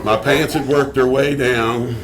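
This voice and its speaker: A man telling a comic story on stage, animated, laughing through it and swearing freely. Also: medium pitch, measured pace. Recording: live crowd noise around the voice.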